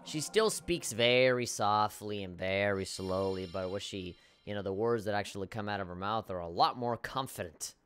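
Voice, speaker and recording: A young man talks over a game with faint music behind him. His delivery is loose and joking, with casual swearing. When he reads on-screen lines aloud, his pitch jumps up. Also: moderate pace, few pauses, fairly bright tone, clear, resonant tone. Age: young adult. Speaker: gaming video host. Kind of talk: casual game commentary, reading dialogue aloud.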